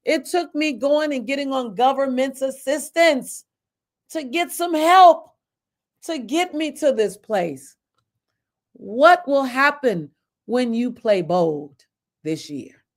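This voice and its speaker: Animated woman telling a motivational story. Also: high voice, slow pace. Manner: animated, talks to listeners by name. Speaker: motivational speaker. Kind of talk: storytelling to a live audience.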